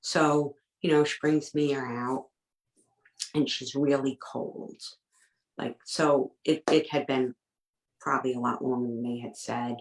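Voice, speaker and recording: Low-voiced woman in an echoey room. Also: steady tone. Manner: emotional, halting retelling with quoted dialogue. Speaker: guest. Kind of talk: personal storytelling.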